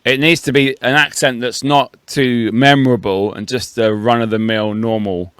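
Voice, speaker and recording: A man's voice: mid-range voice, steady tone, normal speed, fairly bright tone, smooth, dry recording, studio quality. A man co-hosting a casual podcast chat, blunt and emphatic and swearing. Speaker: podcast co-host.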